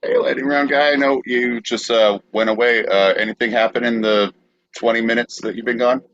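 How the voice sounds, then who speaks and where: A male podcast co-host, deadpan and hesitant, with lots of filler. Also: mid-range voice, a little fast, dull audio. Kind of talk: deadpan comedic banter.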